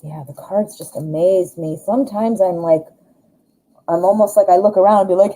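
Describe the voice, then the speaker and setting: Woman, Midwestern American accent, live tarot reader, chatty, rambling, very mellow dark voice. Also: mid-range voice, moderate pace, rough recording. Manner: chatty, rambling, enthusiastic, frequent restarts and fillers. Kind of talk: casual live-stream tarot reading.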